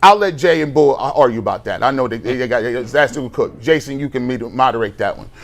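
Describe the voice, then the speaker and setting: A man's voice: medium pitch, fairly quick. Emphatic man arguing sports. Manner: animated, emphatic, repeats himself while arguing. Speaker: sports talk show co-host. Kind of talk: heated sports talk debate.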